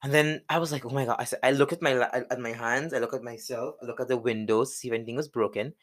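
A young man with a Guyanese accent, hosting a podcast and telling a personal story in a casual way, laughing often. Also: quick pace. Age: young adult. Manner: animated, laughs often, jumps into high voices when quoting people. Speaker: podcast host.

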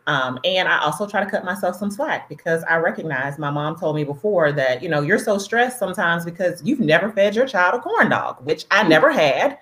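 A woman's voice: on the low side, fairly quick, few pauses. A woman in her thirties, a podcast guest who tells stories animatedly and acts out the people she quotes. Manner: animated storyteller acting out quotes. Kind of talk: casual podcast chat.

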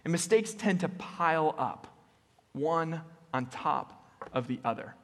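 A pastor delivers a casual sermon in a rather high male voice, breaking up his points with tag questions and quick restarts. The sound carries the long reverb of a church hall. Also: expressive. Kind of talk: conversational sermon. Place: church sanctuary.

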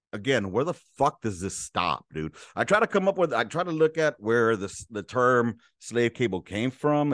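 A man's voice: low voice, fairly bright tone, dry recording, clean studio sound. A man hosting a podcast alone, ranting in a profane, heated and rambling way. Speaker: podcast host. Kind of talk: casual ranting monologue.

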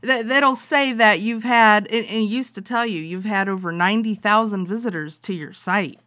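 A woman's voice: mid-range voice, normal speed, pushed and bright. A woman hosting an interview, asking questions and encouraging her guest with frequent okays. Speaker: interviewer host. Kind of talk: casual interview.

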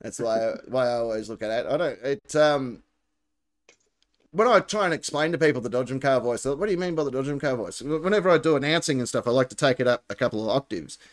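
A man's voice: mid-range voice, animated, fast talker. A man hosting a casual live comedy show, laughing often and handing out points. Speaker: host.

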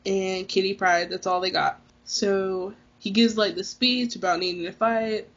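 Brief: husky-voiced woman, casual podcast co-host, laughing recap, muffled lo-fi audio. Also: medium pitch, fairly even intonation, unhurried, a bit bright. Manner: laughs a lot, slangy retelling. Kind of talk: casual movie recap chat. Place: hot indoor room with fan. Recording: muffled lo-fi sound.

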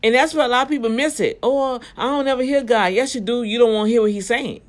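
A woman's voice: on the high side, fast. A woman co-hosting a faith podcast, speaking emphatically and encouraging with "come on" replies. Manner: emphatic, call-and-response encouragement. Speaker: podcast co-host. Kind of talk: casual faith chat, preaching.

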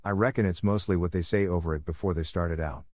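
A man's voice: deep voice, steady tone, quick pace, a little mellow, no echo, clean studio sound. A man reading eager boy Tom.

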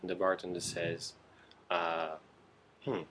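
Easygoing male podcast host with a lowish voice. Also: flat delivery, noisy background. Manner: easygoing, laughs along, quick affirmations. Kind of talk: casual chat.

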